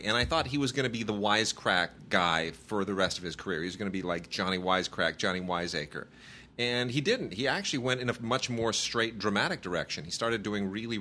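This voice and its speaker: In his thirties, this podcast co-host chats casually about movies, reviewing them and rambling with many restarts. His voice is lowish and sharp in tone, with slight background noise.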